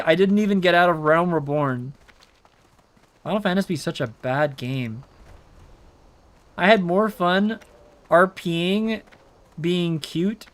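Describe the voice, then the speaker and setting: Slow-talking playful young streamer guy. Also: high-pitched. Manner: playful, rambling, reacts to chat, says meow. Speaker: VTuber game streamer. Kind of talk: casual live-stream chatter while gaming.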